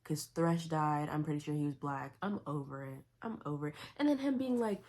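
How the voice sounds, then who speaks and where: A woman's voice: low-pitched, moderate pace, few pauses, darkish tone, a little hiss or hum. A young woman talking casually and opinionatedly about books she is reading, full of "like" and asides. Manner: chatty, opinionated, lots of "like". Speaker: book vlogger.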